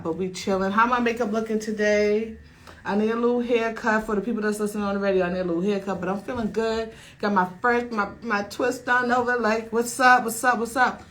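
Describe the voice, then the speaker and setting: Loud lively radio host woman. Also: medium pitch, poor audio. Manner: loud, lively, slangy hype talk. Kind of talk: casual radio chat.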